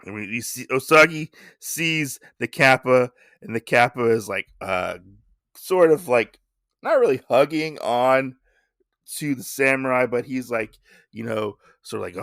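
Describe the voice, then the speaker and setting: Rambling bright-voiced man recapping a comic. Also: mid-range voice, unhurried, vocal fry, dry recording, clean studio sound. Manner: rambling, many fillers. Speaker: podcast host.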